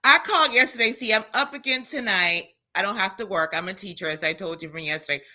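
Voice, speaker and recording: Bright, fired-up woman caller. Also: medium pitch, fast talker. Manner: emphatic, fired-up, blunt. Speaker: caller, teacher. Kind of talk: call-in radio talk.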